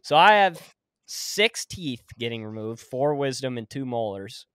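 A young man co-hosting a podcast in casual chat, relaxed and joking, swearing now and then. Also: medium pitch, a little slow, clear, resonant tone, no room sound, studio quality. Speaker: podcast co-host.

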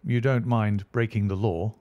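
Guy playing confident schemer dude, clipped and matter of fact, lowish, dry. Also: steady tone, a little slow, dark tone, no echo, muffled recording, natural voice. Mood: brisk. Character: brisk, confident man planning a scheme.

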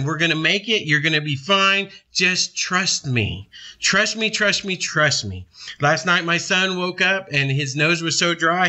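A man's voice: a little high, sharp tone. A man in his thirties leading a casual Bible study, talking conversationally and asking and answering his own questions. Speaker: preacher.

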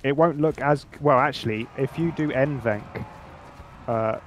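Young guy gaming on stream, hyped, swears a lot, average pitch, game noise in the background. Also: unhurried. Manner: excitable, swears, shouts at the game. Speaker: streamer playing a medieval online battle game with friends. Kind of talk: casual gaming chat and live reactions. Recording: game noise clearly audible behind.

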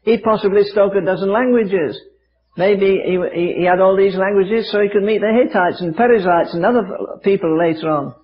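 A man's voice: high-pitched, normal speed. An older man preaching a sermon, telling stories with rhetorical questions and dry humor. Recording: dull lo-fi archive sermon recording.

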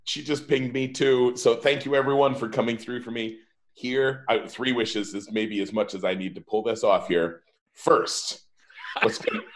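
Rambling man thinking out loud. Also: mid-range voice. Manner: rambling, thinking aloud with restarts and laughs. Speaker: tabletop game player. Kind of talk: casual tabletop game chat.

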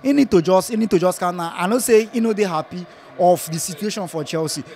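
Young Nigerian male football fan, Pidgin English, high voice, lively and laughing, casual match reaction. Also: fast talker. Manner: lively, laughs often, repeats phrases. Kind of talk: casual post-match chat.

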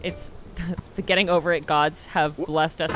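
A woman giving casual, chatty commentary while streaming a video game, sarcastic and swearing, with sudden loud squeals. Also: deep voice, fairly even intonation, unhurried, soft background music.

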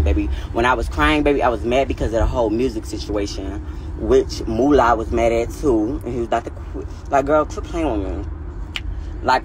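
A man in his twenties ranting on a phone livestream from a car at night, sassy and profane, with sudden high squeals. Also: a little hiss or hum, rough recording. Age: 20s. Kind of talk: casual livestream rant. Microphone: phone held at arm's length.

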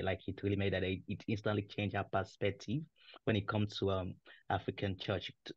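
A man gives quick thanks over a video call, his low voice flat in tone and full of fillers. The audio is dry and muffled, like lo-fi call sound. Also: no echo. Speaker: church member giving thanks. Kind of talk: casual thank-you.

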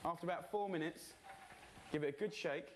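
Male cooking host, loose and chatty, a touch high, recorded with audible noise. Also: brisk. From England. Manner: chatty, loose, full of fillers. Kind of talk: casual cooking demonstration.

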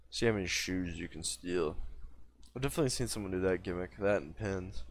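A man streaming a game while high, talking in a loose, rambling way that trails off and restarts mid-thought. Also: animated, normal speed. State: high after smoking. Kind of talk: casual rambling stream chat.

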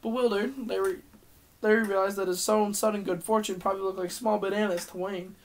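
A man's voice: sits high, flat delivery, a little fast, slight background noise, low-quality recording. A man reading a novel aloud as an audiobook, in a casual way with slips and restarts. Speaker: audiobook reader. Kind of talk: audiobook narration.

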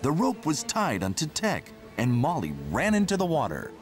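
A man reading a children's story aloud in an expressive, unhurried way. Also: a little high. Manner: slow, very animated expressive reading. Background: music.

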